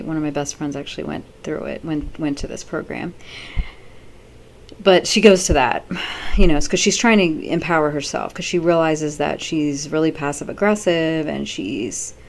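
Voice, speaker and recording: A woman's voice: deep voice, creaky, a little hiss or hum. A middle-aged woman vlogging in casual chat, rambling off the cuff with many fillers.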